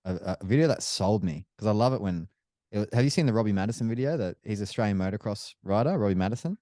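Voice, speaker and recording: A man's voice: fairly low pitch, expressive, quick pace, mellow, no echo, clean studio sound. A man co-hosting a podcast in casual chat, telling rambling stories and swearing freely.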